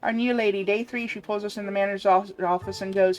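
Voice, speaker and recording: A woman's voice: medium pitch, steady tone, darkish tone, faint music behind. A woman streaming a game live, casually commenting and reading messages aloud. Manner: quick, casual, reads chat aloud.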